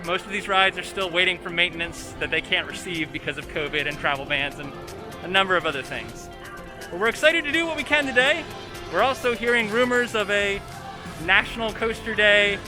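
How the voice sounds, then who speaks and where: A man chatting casually as a vlogger, outdoors at an amusement park, upbeat and wry. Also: high-pitched. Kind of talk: casual vlog commentary.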